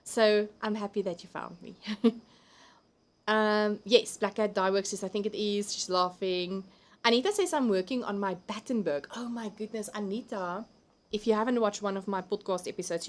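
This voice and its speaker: A woman's voice: medium pitch, moderate pace. A South African woman hosting a live crafting stream from home, chatting casually, laughing often and reading viewer comments aloud. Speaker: livestream host.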